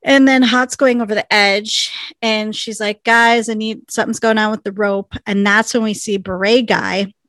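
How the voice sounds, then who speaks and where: A woman's voice: medium pitch, fairly even intonation, moderate pace, a bit bright, no room sound. A woman casually recapping a TV episode, chatty, with lots of likes and ums. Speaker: podcast co-host.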